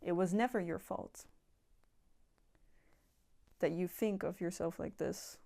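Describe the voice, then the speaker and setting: This young woman's voice is lowish, gravelly and mellow, and she takes her time. In a casual monologue to camera, she earnestly discusses self-improvement, offering reassurance, repeating points, and sometimes swearing.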